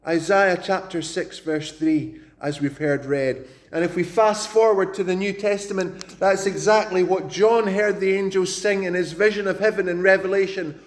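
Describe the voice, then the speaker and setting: High-voiced man preaching a sermon. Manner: emphatic, repeats words for stress, slows on scripture quotes.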